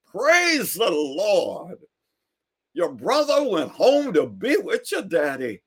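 A man voicing an older male churchgoer, exuberant and preachy, shouting praise to God. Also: sits high, huge pitch swings, takes it slowly, slightly rough, pitched above the performer's own voice, full character voice. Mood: ecstatic.

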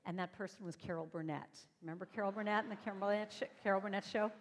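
A woman's voice: medium pitch, fairly even intonation, fast talker, big-room sound. A woman giving an inspirational talk on stage, telling her stories animatedly and acting out the voices in them. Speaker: inspirational speaker. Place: stage before a live audience.

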